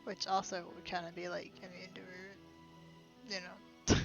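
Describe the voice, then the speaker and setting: A woman's voice: on the low side, little pitch movement, normal speed, lo-fi sound, faint music behind. A young woman streaming a game, reading it aloud and reacting with incredulous, laughing, sweary remarks.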